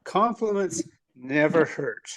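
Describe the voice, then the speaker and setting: An older man speaking up in a group video call with a somewhat high voice. He talks in an emphatic, wry and plain-spoken way. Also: animated, takes it slowly, fairly bright tone. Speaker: course participant, longtime lawyer. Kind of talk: casual group share.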